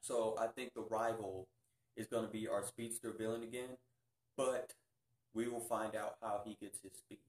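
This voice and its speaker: A man hosting a casual TV review vlog, talking excitably and peppering his speech with "freaking.". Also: fairly low pitch, normal speed. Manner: excitable, keeps saying "freaking". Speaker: YouTube reviewer. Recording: roomy echo.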